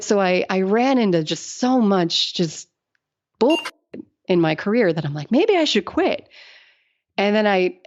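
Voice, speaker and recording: A woman's voice: on the low side, a little mellow. A middle-aged woman engineer, a podcast guest, telling stories in casual talk, laughing often and acting out the people she quotes. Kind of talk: casual interview storytelling. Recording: dull lo-fi podcast audio.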